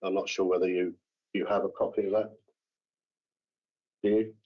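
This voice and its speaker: An English man speaking as a councillor at a formal hearing, halting and repeating his words. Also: deep voice, little pitch movement. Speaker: councillor responding to a complaint. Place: council meeting room. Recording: dull lo-fi meeting recording.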